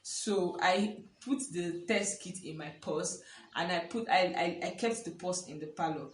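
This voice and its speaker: A young woman telling a personal story in casual chat, animated and laughing often as she acts out what people said. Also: fairly low pitch, measured pace, slight background noise. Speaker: vlogger. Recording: echoey room, a bit far from the mic.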